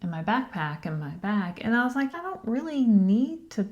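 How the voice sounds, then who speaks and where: A woman's voice: mid-range voice, very animated, normal speed, darkish tone, dull audio. A woman co-hosting a casual chat show, talking in a rambling, chatty way and dropping to a whisper for asides. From Tennessee. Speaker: co-host.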